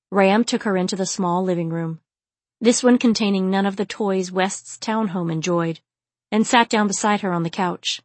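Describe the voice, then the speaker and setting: A woman narrating a novel in a steady, measured reading voice. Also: medium pitch, dry recording. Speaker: audiobook narrator. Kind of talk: scripted fiction narration.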